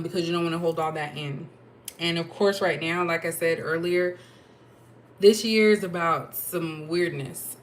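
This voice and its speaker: Woman tarot reader, lowish voice, casual and rambling, faint background noise. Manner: chatty, thinking aloud with fillers and asides. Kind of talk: casual tarot reading to camera.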